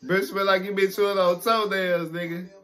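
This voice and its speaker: A young man telling a casual story to camera, animated and profane, acting out what people said. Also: high-pitched, moderate pace. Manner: animated, profane, acts out quotes.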